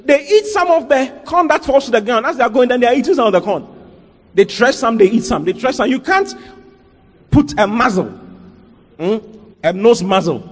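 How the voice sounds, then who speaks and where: A male pastor preaches with a high, swooping voice that leaps all over its range. He hammers his points home with rhetorical questions and sharp interjections. The sound rings with long reverb, as in a church hall. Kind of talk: sermon.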